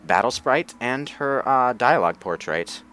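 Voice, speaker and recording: A man hosting a let's play, making quick wry asides and dry jokes as he plays. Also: medium pitch, animated, a bit bright, slight background noise. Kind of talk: casual gameplay commentary.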